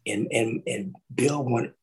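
A middle-aged man, a former orchestral timpanist, telling an animated story in a roundtable talk, acting out quotes and singing drum parts. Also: mid-range voice, slow pace, poor audio. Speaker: orchestral timpanist recalling his start.

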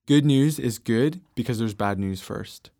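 A man hosting a faith podcast, telling stories earnestly in relaxed conversation. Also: mid-range voice, a little slow, creaky, no room sound, clean studio sound. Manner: earnest storytelling. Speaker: podcast host.

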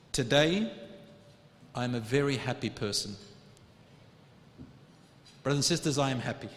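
A male preacher telling a personal story in an earnest sermon, his voice rising to loud urging and dropping to hushed tones, with Arabic religious phrases woven in. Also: mid-range voice. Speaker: Islamic preacher. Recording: echoey hall.

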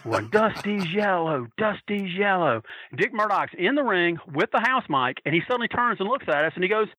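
Man, bright tense tone, dry close sound; lively raconteur who slips into character voices. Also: high-pitched, quick pace, dry recording, rough recording. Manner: animated, acts out quoted voices. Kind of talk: casual anecdote telling.

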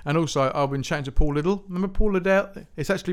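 A man's voice: fairly high pitch, very fast. Rambling man hosting a podcast. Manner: rambling, chatty, self-mocking with frequent restarts. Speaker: music podcast host. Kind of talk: casual solo podcast chat.

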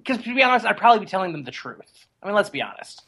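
Man, casual podcast chat, enthusiastic, joking, bright tone. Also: high voice, very animated, very fast, poor audio. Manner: chatty and enthusiastic, jokey. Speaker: guest.

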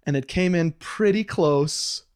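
Brief: male podcast co-host, slightly high pitch, jokey asides. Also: a little mellow, smooth. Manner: joking, laughs often, quick asides. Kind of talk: casual chat.

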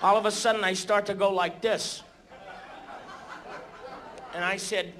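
High-voiced male stand-up comedian. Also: a little slow, pauses often, noisy background. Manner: animated storytelling with sudden shouts.

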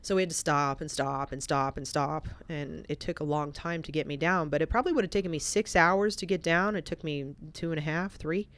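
A woman telling an emotional personal story as a podcast guest, swinging from animated bursts to hushed, reflective passages. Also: deep voice, a little fast, few pauses.

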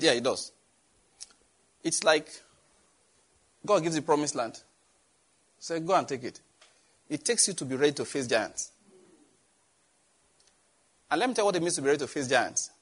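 Husky preacher man. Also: medium pitch. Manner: emphatic, repeating phrases and asking the congregation questions. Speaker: pastor. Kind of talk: sermon.

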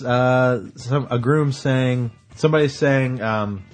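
A man co-hosting a podcast, telling a rambling story in casual chat and often clearing his throat. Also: medium pitch, slow, soft background music. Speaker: podcast co-host.

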